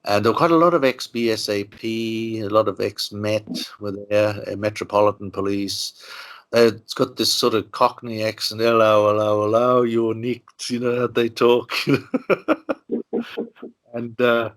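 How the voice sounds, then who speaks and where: A man's voice: lowish voice, steady tone, normal speed, a bit bright. An older man from Ireland, an interviewee, telling long stories in a rambling way with many "you know" asides. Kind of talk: relaxed storytelling interview.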